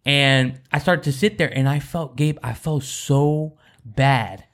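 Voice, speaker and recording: A man's voice: medium pitch, slow. A man sharing a candid personal story in a faith talk, earnest and rambling, with many restarts.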